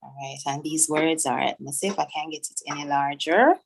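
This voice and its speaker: A woman's voice: low-pitched, brisk, vocal fry. A woman, a teacher chatting to pupils in a self-deprecating way while she searches for a poem. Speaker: teacher hosting a school event. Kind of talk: casual talk to pupils online.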